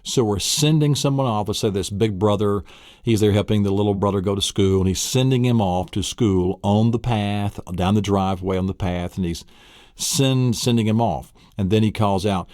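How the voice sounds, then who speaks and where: A man's voice: lowish voice, normal speed, a little mellow, no room sound, studio quality. A middle-aged man teaching an audio memory lesson, enthusiastic and laughing often. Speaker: memory course instructor.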